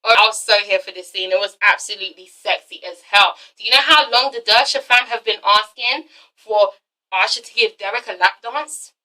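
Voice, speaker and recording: A woman recapping a TV episode in a casual vlog, excitable and profane, acting out the characters in quick asides. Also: mid-range voice, poor audio. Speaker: TV episode reviewer.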